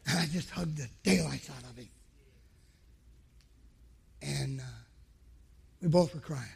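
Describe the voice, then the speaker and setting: A man's voice: on the high side, takes it slowly, gravelly, darkish tone, slightly rough. A man preaching a sermon to men, telling a personal story in an emphatic way and acting out past conversations. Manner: emphatic, acts out his own past dialogue.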